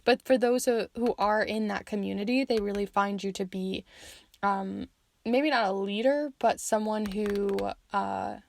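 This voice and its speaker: A woman's voice: medium pitch, unhurried, vocal fry, darkish tone. A young woman giving a chatty tarot reading, full of fillers, who says she is losing her voice. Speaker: tarot reader.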